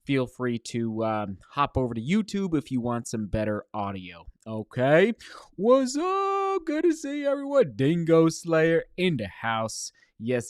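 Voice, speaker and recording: A man's voice: medium pitch, no room sound, clean studio sound. Upbeat man hosting a live stream. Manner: upbeat, greets viewers by name. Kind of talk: casual live-stream chat. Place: motel room.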